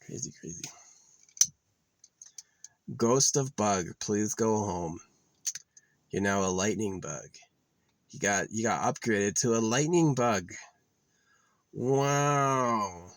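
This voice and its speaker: A man with a deep voice and a gravelly, creaky edge, drifting loosely from one thought to the next as if chatting to himself. He swears freely and talks off the cuff. The sound is close and dry, with no room around it. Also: dry recording, rough recording. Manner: meandering, profane, off-the-cuff. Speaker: vlogger. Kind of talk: casual rambling monologue.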